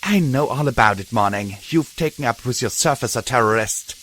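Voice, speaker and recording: A man's voice: medium pitch, expressive, a little fast, fairly bright tone, lightly acted. A man doing a scornful, bitter mare soldier. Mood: scornful, hostile. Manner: hissing, scornful. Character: hostile older mare soldier, proud and bitter.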